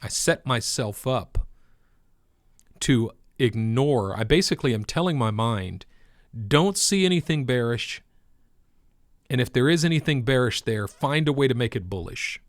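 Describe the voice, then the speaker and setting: A man talks through the crypto market in a relaxed, conversational way, circling back to stress his points like a preacher. His voice sits at an everyday middle pitch. The sound is close and dry, with no room around it. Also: a little slow, dry recording. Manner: conversational, emphatic, preacher-like repetition. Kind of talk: casual market commentary.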